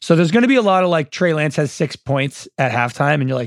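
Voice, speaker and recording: A man's voice: fairly high pitch, very animated, fast talker, vocal fry, no room sound. A man co-hosting a casual sports podcast, joking in a dry way. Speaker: podcast co-host and producer. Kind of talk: casual chat.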